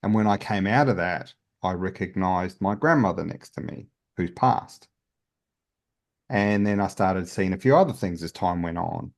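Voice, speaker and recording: A man's voice: deep voice, normal speed. A man, a guest healer, telling his story in a casual interview in an earnest, open way with many restarts.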